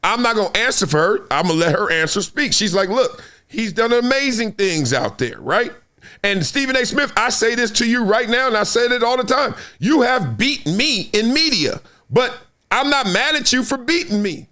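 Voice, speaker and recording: A middle-aged former football player hosts his own sports talk show, arguing his points emphatically and conversationally. His voice sits high for a man and jumps around with lively swings in pitch. He keeps checking in with the listener and stacks repeated "no"s for effect. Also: fairly quick. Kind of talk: animated solo commentary.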